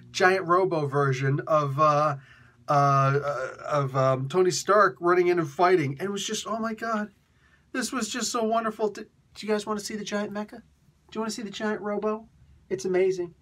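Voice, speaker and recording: A man casually reviewing a comic book for his video channel, excitable and rambling, laughing often. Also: high-pitched, normal speed.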